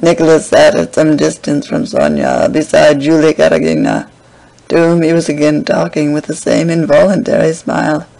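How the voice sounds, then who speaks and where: A man reads a classic novel aloud at a steady pace. His voice sits a bit high and carries a strong gravelly fry. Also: moderate pace, low-quality recording. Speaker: audiobook reader. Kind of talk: scripted narration.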